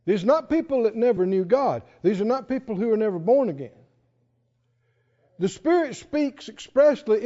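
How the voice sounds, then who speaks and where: A man preaching a sermon, folksy and emphatic, drawing out scripture quotes slowly and asking his listeners questions. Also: high-pitched, lively intonation, warm tone. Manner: folksy, asks the audience questions. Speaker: pastor. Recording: dull lo-fi recording in a reverberant hall.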